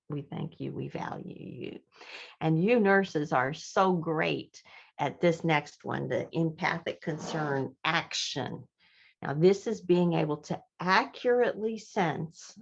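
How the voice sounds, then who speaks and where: Low gravelly lady giving an online talk to nurses, chatty, fixes herself a lot, muffled call audio. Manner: warm, chatty, with filler and self-corrections. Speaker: presenter. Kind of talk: virtual presentation to nurses. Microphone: video call.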